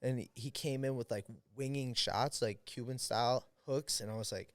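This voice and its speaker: An American man, a podcast guest, telling a story in casual chat, animated, acting out the people he quotes. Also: medium pitch, normal speed, few pauses, no echo. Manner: animated, quotes people in lively voices, many fillers.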